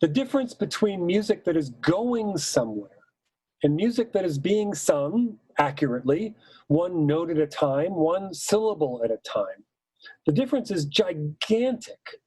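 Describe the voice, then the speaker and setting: In this instructional talk, a choral music teacher describes shaping a musical line for choirs, slow, measured, and emphatic yet very animated, with warm, mellow stress on the words that matter, singing short hymn phrases to show what he means. His husky voice sits slightly high for a man, captured dry and close at the mic with no room sound and poor audio quality.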